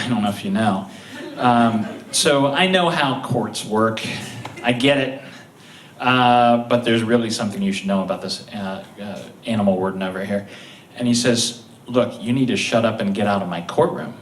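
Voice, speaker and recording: Male live storyteller, Ohio accent, self-mocking and chatty; roomy venue sound, miked from a distance. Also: mid-range voice. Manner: conversational, self-deprecating, acts out quotes. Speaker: storyteller on stage. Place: live stage before an audience.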